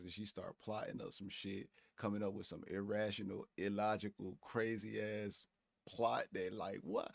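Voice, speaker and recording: A man with a low, gravelly voice riffs on a casual stream, animated and profane. His commentary is peppered with laughing asides, and the sound is dry and close. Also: normal speed, no room sound. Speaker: stream co-host.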